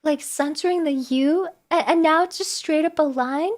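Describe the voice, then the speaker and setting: A woman live streamer chatting casually with her viewers, animated and exclamatory with a mock-exasperated edge. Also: high voice, moderate pace, few pauses.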